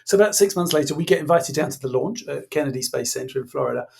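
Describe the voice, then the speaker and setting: A man with a husky, slightly raised voice tells his story as a podcast guest. He acts out each exchange and chuckles through the punchlines. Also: fairly high pitch, expressive, fast, darkish tone. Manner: acts out quoted dialogue, laughs while telling. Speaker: guest, former innovation executive. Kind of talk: animated anecdotal storytelling.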